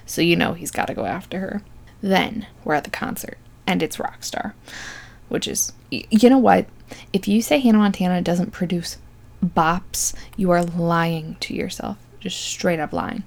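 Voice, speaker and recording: Sarcastic young woman with a gravelly voice. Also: fairly low pitch, moderate pace. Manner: chatty, rambling and sarcastic, with frequent likes and ums. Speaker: movie recap vlogger. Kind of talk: casual movie recap.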